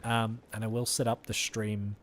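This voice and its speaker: Fairly low in pitch and level in tone, a tired Australian man talks at a moderate pace while casually chatting with viewers on a game stream, easygoing and friendly throughout.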